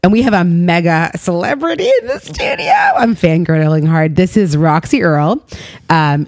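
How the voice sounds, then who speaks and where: Woman podcast host from canada, excitable, gushing, lowish voice, dry close sound. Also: no room sound. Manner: gushing, excitable, swears casually. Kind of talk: casual chat.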